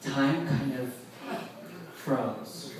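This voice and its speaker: A man from Long Island telling a comic story on stage, wry and animated with self-mocking asides. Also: medium pitch, extremely slow, heavy background noise. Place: live performance venue with audience. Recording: echoey room, far from the mic, audience laughter.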